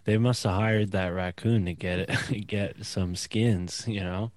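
Man, low voice, podcast co-host, rambling casual talk, lots of fillers, dry close sound. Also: fairly even intonation, unhurried, a little mellow, dry recording. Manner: rambling, heavy use of "like" and "you know".

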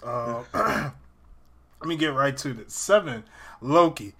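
A man hosting a casual podcast, talking slowly and laughing often. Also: medium pitch, bright, forceful tone. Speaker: podcast host. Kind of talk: casual chat.

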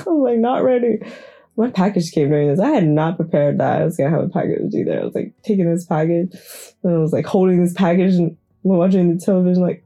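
A woman's voice: mid-range voice, moderate pace, mellow. A young woman rambling casually on an early morning, chatty and giggly, a little groggy, swearing freely. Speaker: podcast host. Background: faint background music.

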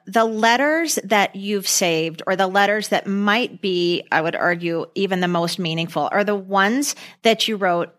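A woman's voice: medium pitch, measured pace, hardly any pauses, fairly bright tone. A middle-aged woman co-hosting a podcast, speaking earnestly in casual chat. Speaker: podcast co-host.

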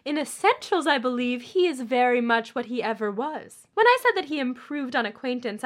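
A woman's voice: fairly high pitch, close to an everyday voice. A woman reading the part of an icy, witty young heroine from a period novel, in a cool, clipped, pointed delivery. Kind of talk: dramatic reading of a novel passage.

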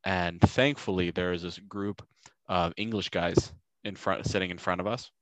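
A man's voice: low-pitched, fairly even intonation, moderate pace, no room sound. A man chatting casually and telling rambling stories, with many ums and uhs. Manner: rambling storyteller, many ums, acts out quotes. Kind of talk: casual chat.

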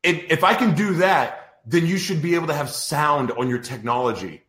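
A man's voice: a little high, moderate pace, a bit bright, roomy sound. A man hosting a podcast in a casual live-stream chat, exasperated and ranting over technical trouble. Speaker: podcast host.

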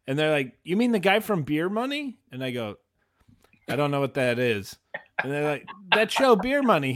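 Chatty male comic on a podcast. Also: on the high side. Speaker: comedian and podcast co-host. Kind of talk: casual podcast chat.

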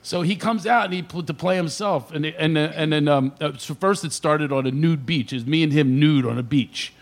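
A man's voice: fairly high pitch, moderate pace. A male comedian telling stories on a radio talk show, often laughing through them and acting out the people in them. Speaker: comedian guest. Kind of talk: animated comic storytelling.

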